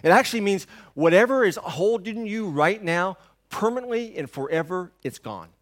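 A male pastor preaching a sermon in a church, rising to loud emphasis and then dropping to a hush, often asking the congregation rhetorical questions. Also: sits high, lively intonation, normal speed. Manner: dynamic preaching, swings between hushed and loud.

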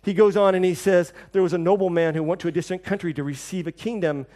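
A middle-aged man preaching a sermon, telling stories and acting out quoted voices with lively shifts. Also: fast. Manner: storytelling, acts out quoted voices with lively shifts in pitch and level. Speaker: pastor.

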